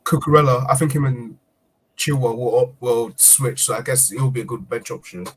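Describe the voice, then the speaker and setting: Man, husky voice, hesitant, casual football chat. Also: mid-range voice, normal speed. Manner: hesitant, many ums. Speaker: panelist.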